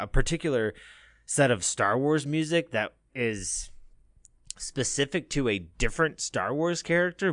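A man's voice: medium pitch, fairly bright tone, no echo, clean studio sound. A man chatting casually as a podcast co-host, telling a long story full of fillers, restarts and easy laughs. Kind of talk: casual chat.

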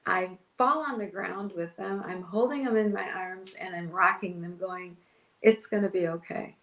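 A woman's voice: medium pitch, moderate pace, sharp tone, roomy sound, rough recording. A woman pastor telling an emotional personal story in an interview, acting out her own past words. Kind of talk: testimony in an interview.

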